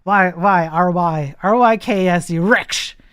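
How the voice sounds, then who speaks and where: A man's voice: high-pitched, slow pace, a bit bright, smooth. A man chatting casually on a live coding stream, blunt and profane, laughing often.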